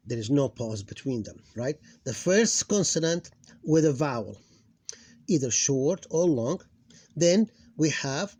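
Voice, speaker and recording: Deliberate man teaching syllables. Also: fairly high pitch, mellow. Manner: speaks in short broken phrases with many restarts; reads syllables out slowly and deliberately. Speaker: Arabic phonics teacher. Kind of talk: recorded lesson.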